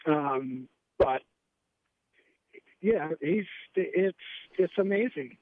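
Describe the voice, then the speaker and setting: A man's voice: a little high, expressive, extremely slow, no echo. A man calling in to a talk radio show, hesitant and sarcastic. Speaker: caller. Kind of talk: phone-in call to a talk show. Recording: tinny phone line.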